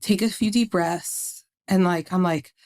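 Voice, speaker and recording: A woman's voice: on the low side, a little slow. A woman in her thirties, a podcast guest, telling her story conversationally with lots of "like" fillers and acted-out quotes. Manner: animated retelling with many "like" fillers, acting out quotes.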